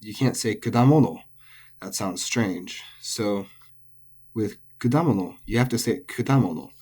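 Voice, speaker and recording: Low-voiced man teaching pitch accent. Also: a little slow, husky. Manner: patient, methodical, frequent fillers. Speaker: language teacher. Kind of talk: explanatory lesson.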